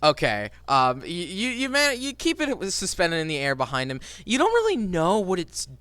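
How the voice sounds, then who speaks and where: A man narrating as game master of a tabletop game, halting with many fillers. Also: sits high, wildly swooping pitch, fairly bright tone, no echo.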